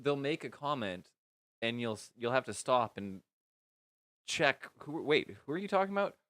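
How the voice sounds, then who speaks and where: An American man co-hosting a casual podcast chat, talking in an animated way with restarts and jokes. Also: medium pitch, clean tone, no echo. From United States. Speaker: podcast co-host.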